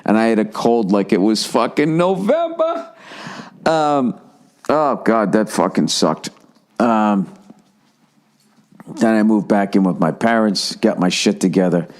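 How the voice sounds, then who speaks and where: Ranting, profane middle-aged man. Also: a little slow. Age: 40s. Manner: ranting, heavy swearing, animated rises in pitch. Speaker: podcast host. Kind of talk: casual comedic monologue.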